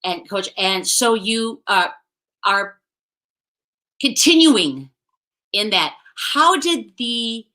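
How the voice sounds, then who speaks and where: A woman hosting a video call interview, asking admiring questions in an unhurried, hesitant way. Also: mid-range voice, sing-song, sharp tone, rough recording. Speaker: interview host. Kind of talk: casual interview.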